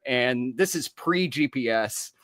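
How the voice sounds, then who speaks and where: A man's voice: mid-range voice, animated, slow, a bit bright, dry recording. Reflective male guest with a dry sound. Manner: reflective, chuckles while recounting his own stories. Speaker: guest, author and recovery coach. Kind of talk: casual interview chat.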